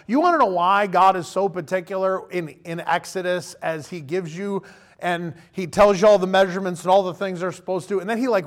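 A man in his thirties preaching a sermon in a conversational way, often acting out the voices of the people he quotes. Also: high voice. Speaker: pastor.

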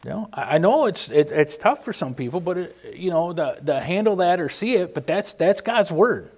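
A man preaching an informal sermon, earnest and emphatic, often restarting and pausing mid-thought. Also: high voice, expressive. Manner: earnest, emphatic, with frequent restarts and halting pauses.

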